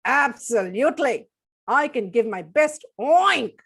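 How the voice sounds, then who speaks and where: A woman voicing a cheerful, eager farm pig with high squealing oinks. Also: expressive, takes it slowly, fairly bright tone, husky, exaggerated voice.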